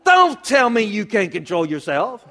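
A man's voice: sits high, sing-song, unhurried, fairly bright tone, some chatter behind. A man preaching a folksy sermon, acting out little scenes in different voices.

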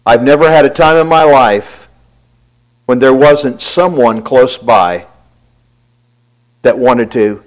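A man giving a devotional talk, earnestly retelling a friend's words and quietly counting his blessings. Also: medium pitch, slow, pauses often, low-quality recording. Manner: reflective, quiet listing of blessings.

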